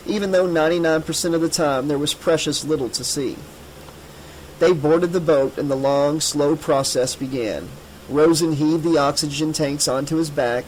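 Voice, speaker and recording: A man narrating an audiobook in a measured, steady way. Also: on the high side, a little hiss or hum, low-quality recording. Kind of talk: scripted narration.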